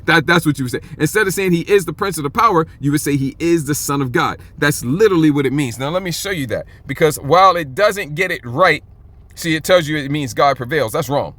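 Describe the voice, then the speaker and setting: Emphatic man teaching scripture, bright tone. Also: on the high side. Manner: emphatic, repeats "okay?" often; reads scripture aloud slowly and stretched out. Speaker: Bible teacher.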